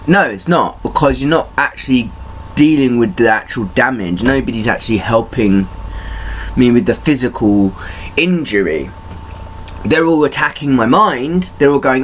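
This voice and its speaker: A man of medium pitch vents to the camera in a personal vlog, hurting and angry. He swears freely, and his rants climb in heat. A faint hiss of room noise sits behind him. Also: animated, moderate pace. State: in pain. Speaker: vlogger.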